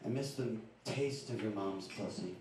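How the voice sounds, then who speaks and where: A comedian voicing his crude, gruff ailing old father, talking low and blunt. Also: moderate pace, heavy background noise, close to an everyday voice. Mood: gruff deadpan. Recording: echoey club room from far off.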